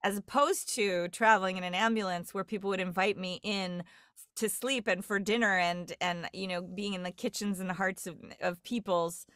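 A woman's voice: medium pitch, steady tone, normal speed, fairly bright tone, dry recording, studio quality. A woman from New York, a dialect coach, telling stories in a rambling casual chat full of fillers and restarts. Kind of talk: casual podcast conversation.

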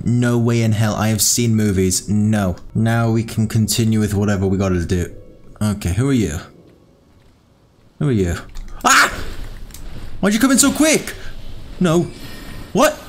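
A young man giving excitable, swearing commentary while playing a game, yelling at enemies. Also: lowish voice, normal speed. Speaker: gaming YouTuber. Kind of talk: live gameplay commentary.

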